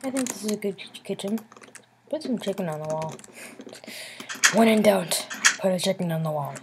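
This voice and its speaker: A woman chatting casually while building in a game, playful and silly, rambling to herself and sometimes dropping into soft murmurs. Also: medium pitch, animated, normal speed, heavy background noise. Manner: drops into soft murmurs and whispers. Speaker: Minecraft builder. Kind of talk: casual gameplay commentary. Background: background music and keyboard clicks.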